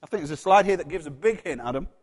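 A man's voice: a little high, lively intonation, very fast. A man with a Yorkshire accent preaching a conversational sermon, asking the congregation questions and acting out voices. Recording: long hall reverb.

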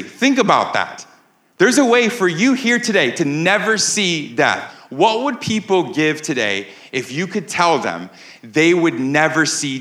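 A man with a fairly high, sharp-toned voice preaches as pastor to a live congregation in a church sanctuary. He keeps it conversational, frequently checking in with "right?", and the recording has a roomy sound.

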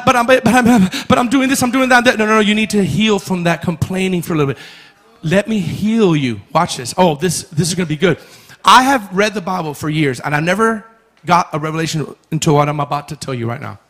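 A man preaching a sermon as pastor, emphatic, rising to shouts and acting out little dialogues. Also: sits high.

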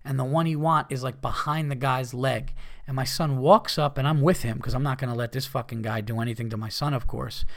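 Podcast host, thirties, male, mid-pitched voice; rambling, profanity-heavy storyteller with a short fuse. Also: steady tone, brisk, fairly bright tone. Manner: rambling, swears often, heated.

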